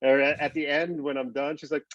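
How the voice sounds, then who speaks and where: A comedian with a New York accent in casual panel chat, an animated storyteller who chuckles while talking. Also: male voice, fairly high pitch, brisk, no room sound, muffled recording. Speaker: comedian guest.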